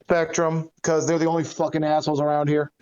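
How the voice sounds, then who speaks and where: A man's voice: a little high, monotone, brisk, darkish tone, clear, resonant tone, dull audio. A man joining a casual podcast from his phone, talking bluntly and swearing freely. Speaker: podcast co-host. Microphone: phone microphone on a call.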